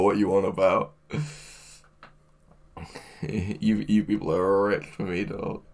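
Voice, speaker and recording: A man chatting casually on a livestream, excitable, laughing often and swearing a lot. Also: on the low side, moderate pace. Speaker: livestreamer reading chat.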